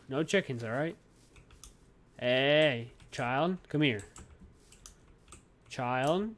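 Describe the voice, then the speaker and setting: A man's voice: mid-range voice, a little hiss or hum. A young man giving casual, goofy commentary while playing a video game and talking to his in-game pet. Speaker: gaming YouTuber.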